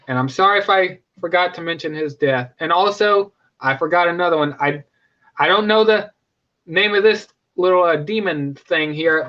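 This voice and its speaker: A young man chatting casually through a review, stumbling into restarts and filler words as he goes. His voice is high and bright. The recording is dull and lo-fi. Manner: rambling, with many restarts and fillers. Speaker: movie reviewer.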